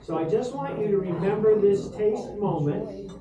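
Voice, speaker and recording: High-voiced man telling a dinner story. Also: moderate pace, a crowd in the background. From Rhode Island, USA. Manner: humorous anecdotal storyteller, many fillers. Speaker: host giving a dinner toast. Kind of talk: storytelling toast to dinner guests. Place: restaurant dining room. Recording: roomy echo from far off, background noise.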